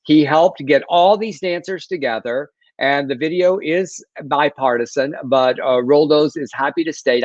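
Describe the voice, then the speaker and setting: A man's voice: a little high, unhurried, dry recording. A man co-hosting a casual livestream news chat, laughing and tripping over names. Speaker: co-host. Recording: dull, dry lo-fi stream audio.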